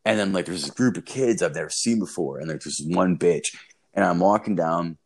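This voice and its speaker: Deep-voiced man telling a story. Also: normal speed, vocal fry, breathy edge. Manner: profane, rambling, animated storytelling. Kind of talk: casual chat.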